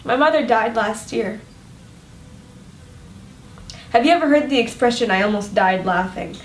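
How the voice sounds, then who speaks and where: A young woman performing a monologue as a daughter in mourning, telling it in a measured, wry, deadpan way. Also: on the high side, slight background noise. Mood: wry, grave. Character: young woman mourning her odd parents. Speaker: acting student. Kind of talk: dramatic monologue. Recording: roomy echo from far off.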